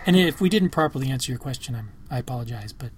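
A man's voice: medium pitch, animated, quick pace, darkish tone, slight background noise. A man co-hosting a podcast in casual chat, earnest and hesitant, often restarting his sentences. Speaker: podcast co-host.

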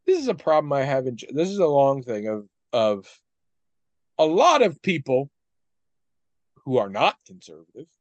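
A man's voice: medium pitch, no echo. A man in casual podcast chat, retelling something at length with asides and frequent restarts. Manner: conversational, restarts often, retells story with asides.

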